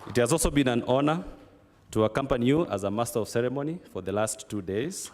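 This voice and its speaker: A man's voice: mid-range voice, lively intonation, fast talker, a crowd in the background, background noise. A man serving as master of ceremonies, closing a conference in a polite, formal way with frequent fillers. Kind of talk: formal event hosting. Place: conference hall. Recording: long hall reverb.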